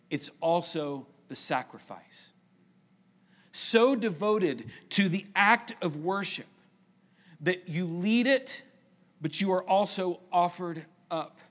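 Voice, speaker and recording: A man preaching a sermon in church, stressing phrases with slow repetition and letting phrase ends trail off quietly. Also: a little high.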